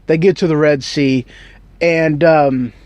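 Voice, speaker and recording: A man's voice: fairly high pitch, fairly even intonation, takes it slowly, a little mellow, no room sound. A man telling a Bible story in a casual, rambling, joking way with slang. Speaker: Bible teacher.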